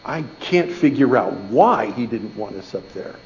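A man's voice: mid-range voice, sing-song, a little slow, darkish tone, soft background music. A middle-aged man telling a personal story to a church gathering, folksy and conversational, often asking "okay?". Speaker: speaker giving a testimony in church. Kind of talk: storytelling sermon. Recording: dull lo-fi recording.

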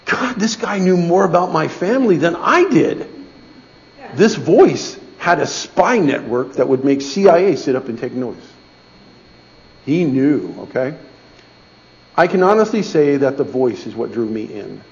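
A man's voice: on the high side, big pitch swings, a little slow, a little mellow. A middle-aged man telling a personal story to a church gathering, folksy and conversational, often asking "okay?". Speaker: speaker giving a testimony in church. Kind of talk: storytelling sermon. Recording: dull lo-fi recording.

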